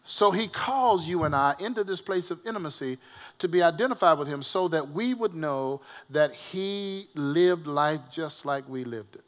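A man preaching a sermon to a responding congregation, swinging between loud, emphatic calls and quiet storytelling. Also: on the high side, expressive, normal speed.

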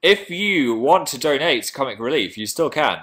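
A man's voice: medium pitch, big pitch swings, moderate pace, fairly bright tone. A man hosting a casual livestream, chatting playfully and reading viewer comments aloud. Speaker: livestream host.

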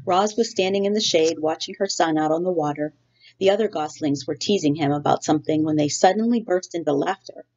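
A woman teacher reading a children's novel aloud to her class in a steady storytelling way. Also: deep voice. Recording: dull lo-fi recording.

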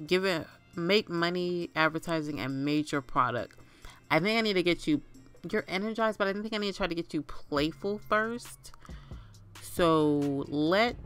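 A woman with a fairly low voice chats her way through a life-sim game. She talks to her characters like family members. Soft game music plays faintly beneath her. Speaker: gaming channel host. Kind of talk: casual life-sim gameplay commentary.

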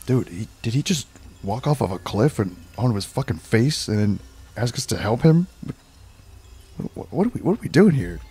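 A man's voice: mid-range voice, sing-song, normal speed, warm tone, breathy edge, faint music behind. A man giving comedic gameplay commentary, sarcastic and swearing as he rants at the game. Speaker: gaming video host.

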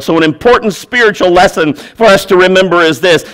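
A man preaching a sermon as a pastor, his voice sitting a little higher than most men's. He drives points home by repeating phrases. He moves from loud, urgent pushes to quiet, low words. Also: a little fast, hardly any pauses.

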